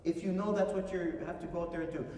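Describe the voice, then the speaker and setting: A man conductor coaching a singer in a master class, emphatic and animated, often singing phrases to show them. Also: sits high, fast. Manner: animated, emphatic, sings and speaks phrases to demonstrate. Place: concert hall. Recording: echoey hall from far off.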